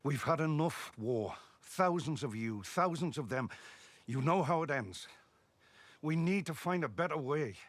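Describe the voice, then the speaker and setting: Weary drama peacemaker: earnest, quiet, pleading. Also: male voice, on the high side, lively intonation, measured pace.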